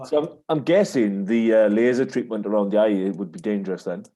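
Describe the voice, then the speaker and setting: A man's voice: on the low side, fairly quick, mellow. A man hosting a podcast, giving short reactions and reading out listener questions. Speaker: podcast host. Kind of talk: casual interview.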